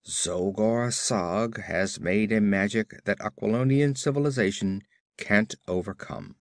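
A man voicing a gruff, brawny barbarian warrior who talks in curt growls, read as an audiobook character. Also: fairly low pitch, measured pace, no echo, studio quality, natural voice.

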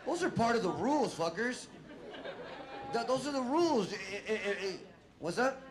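High-voiced stand-up comic. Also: male voice, animated, normal speed. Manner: crude, rambling, swears a lot, acts out bits. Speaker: stand-up comedian. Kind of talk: stand-up comedy set. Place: comedy club stage with live audience. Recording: loud crowd laughter and room noise.

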